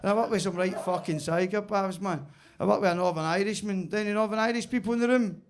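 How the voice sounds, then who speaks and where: A man's voice: high-pitched, quick pace, noisy background. A man with a Glaswegian accent doing sweary, conversational stand-up comedy in a basement comedy club.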